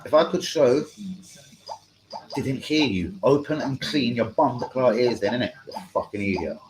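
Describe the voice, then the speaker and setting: A man hosting a live stream, rambling through football fan chat with heavy swearing and excitable outbursts. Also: mid-range voice, normal speed, background noise.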